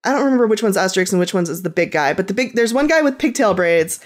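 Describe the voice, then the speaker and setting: A woman podcast co-host whose pitch moves up and down a lot as she talks. She keeps it dry, blunt and joking in easy chat. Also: animated, fast. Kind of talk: casual chat.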